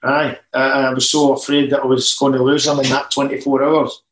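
A man's voice: medium pitch, level tone, brisk, fairly bright tone, reverberant, poor audio. A man, a former football manager telling rambling anecdotes in a casual interview.

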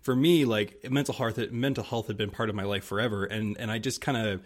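A man's voice: fairly low pitch, fairly even intonation. A young man hosting a podcast, asking long, rambling questions full of fillers and sharing his own experience. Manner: fast, rambling, many fillers, frequent backchannels. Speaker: podcast host. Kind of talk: casual interview conversation.

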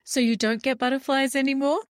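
A woman's voice: sits high, steady tone, a little fast, dry recording, studio quality. A woman interviewer asking questions in a polite, lightly teasing way.

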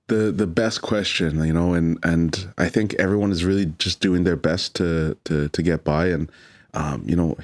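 A man, a chef, talking earnestly in an interview, often stumbling and repeating his words. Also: deep voice. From Toronto, Canada. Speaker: chef and restaurant owner. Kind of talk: conversational interview.

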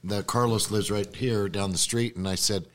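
A man's voice: on the low side, fairly even intonation, normal speed, fairly bright tone. A man guest telling a story in a casual, rambling way, jumping back and forth in time.

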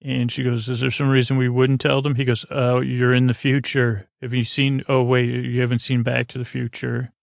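A man hosting a podcast, retelling a TV episode as a rambling bedtime story, halting with restarts and dry jokes. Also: mid-range voice, little pitch movement, vocal fry, no room sound. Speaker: podcast host.

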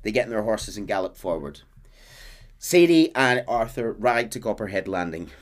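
A man casually recapping a game's story for friends, lively, now and then dropping into gruff voices for the characters. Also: fairly low pitch, normal speed. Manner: lively narration, briefly voicing characters in gruff drawls. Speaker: storyteller recapping a game plot.

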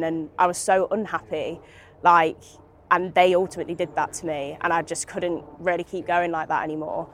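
A woman's voice: fairly low pitch, flat delivery, moderate pace, fairly bright tone. A young woman from Britain, speaking candidly as an interview guest with many fillers and restarts, recorded outdoors in a park.

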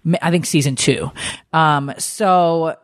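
A woman in her forties hosting a podcast, telling a long personal story in a chatty, animated way full of asides. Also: sits low, takes it slowly, no room sound, clean studio sound. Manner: chatty, animated, tells stories with lots of asides. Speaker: podcast host. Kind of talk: casual storytelling chat.

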